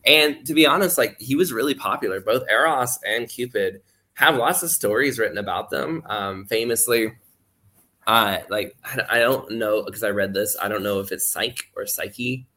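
Rambling low-voiced man, bright tone. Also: moderate pace. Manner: rambling, heavy use of "like" fillers; acts out quoted voices while explaining. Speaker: guest speaker. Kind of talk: casual podcast chat.

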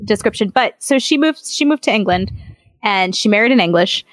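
A woman's voice: mid-range voice, expressive, a little fast, no echo. A woman co-hosting a podcast, chatty and explaining at length, laughing easily. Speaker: podcast co-host. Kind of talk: casual chat.

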